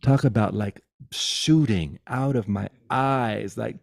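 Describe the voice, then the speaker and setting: A middle-aged man giving a guided spiritual talk over a video call, swinging between loud exclamations and soft, hushed musing, swearing playfully. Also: on the low side, slow pace, gravelly, no room sound, studio quality. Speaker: spiritual teacher.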